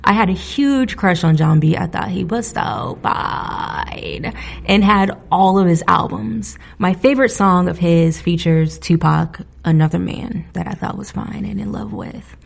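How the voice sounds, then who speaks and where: A woman hosting a music podcast alone, talking in a casual, animated way, laughing often and getting indignant. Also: lowish voice, measured pace, creaky. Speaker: podcast host. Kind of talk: casual solo podcast commentary.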